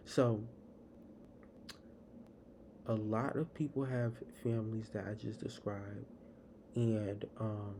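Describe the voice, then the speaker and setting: Young male podcast host, unhurried rambling monologue, slightly low voice. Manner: rambling, casual, fillers and restarts. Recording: noisy live stream audio.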